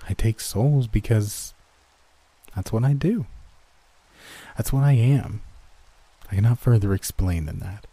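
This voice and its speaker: A calm, ageless soul-taking creature speaks in a storybook horror tale, as a man reads it out. Its delivery is solemn and matter-of-fact, low and mellow rather than menacing. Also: measured pace, long pauses, husky, no room sound. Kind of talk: storybook reading.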